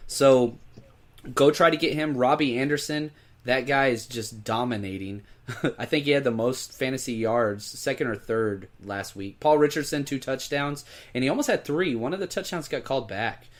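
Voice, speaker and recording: A man's voice: mid-range voice, moderate pace. A man co-hosting a podcast, talking through fantasy football picks in casual chat and urging listeners to make moves. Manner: emphatic, urging listeners to pick up players. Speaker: podcast co-host.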